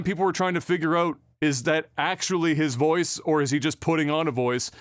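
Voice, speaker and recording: A man's voice: on the high side, steady tone, a little fast, no room sound, clean studio sound. Rambling, profane podcast host man. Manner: rambling, profane, with frequent fillers. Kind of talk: casual podcast chat.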